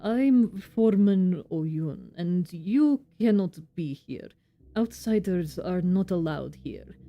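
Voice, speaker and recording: A woman voicing a huge, scarred male slaughterhouse foreman in a slow, heavy, clipped way, with a put-on Russian accent. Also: fairly low pitch, lively intonation, mellow. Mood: stern. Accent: attempted Russian accent.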